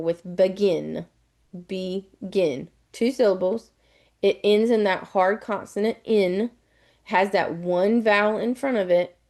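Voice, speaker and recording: A woman's voice: medium pitch, darkish tone. A middle-aged woman teaching a live online lesson on spelling rules, explaining patiently and spelling words out letter by letter.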